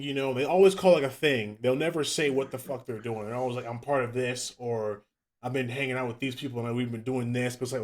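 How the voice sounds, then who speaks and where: Give me a young man co-hosting a casual podcast, swearing a lot and talking fast. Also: mid-range voice. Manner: profane, fast, animated storytelling. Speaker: podcast co-host. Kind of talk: casual chat.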